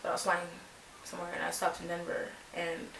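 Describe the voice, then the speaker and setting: A woman's voice: fairly low pitch, monotone, brisk, creaky, fairly bright tone. Chatty young Canadian woman, roomy sound. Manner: rambling, chatty, lots of filler words. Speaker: beauty vlogger. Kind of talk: casual chat while doing makeup. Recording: roomy, distant mic, faint noise.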